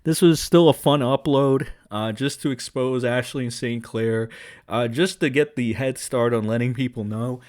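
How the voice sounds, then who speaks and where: A young man with a medium-pitched, a little mellow voice at normal speed delivers a sarcastic, profane rant while reacting to social media posts as a commentary streamer, mocking the voices of others.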